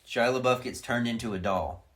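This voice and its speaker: A man's voice: medium pitch, moderate pace, a crowd in the background. A young adult man co-hosting a casual comedic podcast, retelling an episode with acted-out quotes and plenty of swearing. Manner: animated storyteller, acts out quotes, swears a lot. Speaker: podcast co-host.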